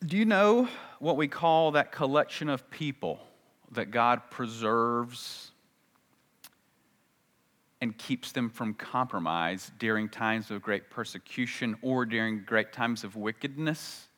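A man preaching a sermon, telling a story with energy and acting out the lines he quotes, with rises and drops in pitch and loudness. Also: takes it slowly, long reverb tail. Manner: animated storytelling, acts out quotes with big jumps in pitch and volume. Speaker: pastor.

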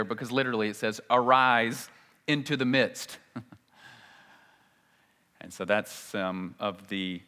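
A male pastor delivers a sermon in a bright, forceful voice. He keeps it conversational, tossing rhetorical questions to the room. The sound carries a long hall reverb. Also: mid-range voice.

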